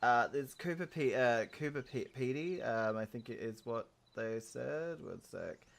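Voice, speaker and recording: A man's voice: mid-range voice, lively intonation, measured pace, vocal fry. Chatty Australian man streaming a game. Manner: chatty, rambling, giggly, answers chat while playing. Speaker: gaming streamer. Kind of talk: casual live-stream chat.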